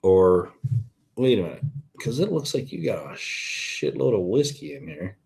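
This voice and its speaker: Unhurried man with a lowish voice, casual whisky vlogger who rambles and corrects himself. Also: big pitch swings, gravelly, darkish tone. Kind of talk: casual chat reading viewer comments.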